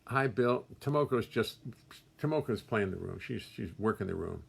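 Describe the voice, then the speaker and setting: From his music studio, an older man runs a relaxed livestream, calling out viewers by name with chatty, warm hellos and wry jokes at his own expense. His lowish voice is animated and slightly rough with vocal fry, at a moderate pace.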